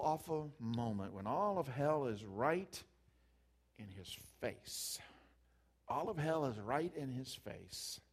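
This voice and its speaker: A man preaching a sermon, building from hushed passages to loud, emphatic peaks. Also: medium pitch.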